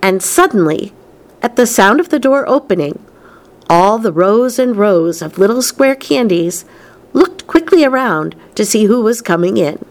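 A woman reading a children's novel aloud, unhurried and expressive. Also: medium pitch. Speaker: reader.

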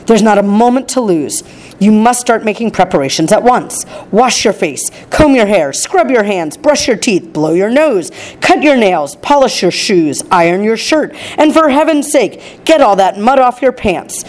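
A woman voicing an excitable old grandfather in a storybook reading, shouting with eager joy. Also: high voice, moderate pace. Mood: excited. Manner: shouting, exuberant.

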